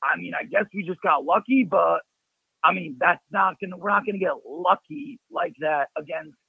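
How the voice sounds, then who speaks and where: A man's voice: high-pitched, expressive, normal speed, vocal fry, slightly rough, no room sound. A man calling in to a sports show, talking frankly and a little rambling. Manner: rambling, frank fan talk. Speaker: caller. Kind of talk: casual call-in chat. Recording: tinny phone line.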